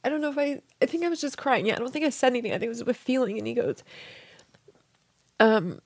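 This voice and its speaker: A woman speaking in a fairly high voice with a gravelly, creaky edge. She tells a personal story in an interview, tender and hushed, often sinking into a soft whisper. The recording is close and dry, with no room sound. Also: racing, no echo. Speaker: interview guest.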